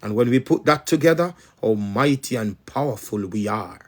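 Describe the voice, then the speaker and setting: A man's voice: on the low side, lively intonation, normal speed. A man with a Jamaican accent, preaching as a spiritual teacher in an emphatic, repetitive patois-laced monologue.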